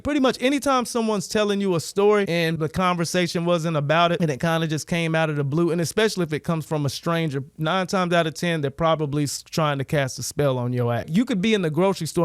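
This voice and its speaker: High-voiced man ranting with profanity. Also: clean tone, no echo, studio quality. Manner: profane, emphatic, rambling. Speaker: vlogger. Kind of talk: casual ranting monologue.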